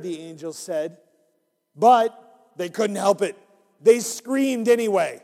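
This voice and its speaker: Slow and high-voiced, a minister reads an interactive Bible story aloud to children, animatedly coaxing them to join in. The sound has a long hall reverb.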